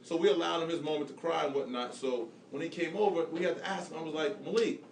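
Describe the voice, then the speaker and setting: A man hosting a podcast, telling a family story in a fast, animated casual chat. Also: fairly high pitch, roomy sound, far from the mic, slight background noise. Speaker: podcast host.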